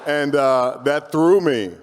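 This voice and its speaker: A man's voice: on the high side, slow pace, a little hiss or hum. A man, a voice actor on a live panel, chatting playfully with the audience. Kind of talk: casual storytelling.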